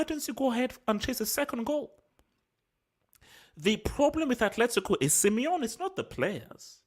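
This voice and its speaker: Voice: mid-range voice, big pitch swings, normal speed. A football channel host giving a heated solo post-match reaction, slangy, self-assured and repeating phrases for emphasis. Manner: worked up and angry.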